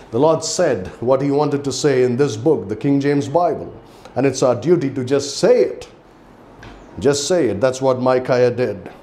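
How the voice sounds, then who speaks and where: Speaking in a mid-range voice with a darkish tone, a man with an Indian English accent preaches as a pastor. He delivers his sermon emphatically, and his intensity climbs as he reads scripture aloud.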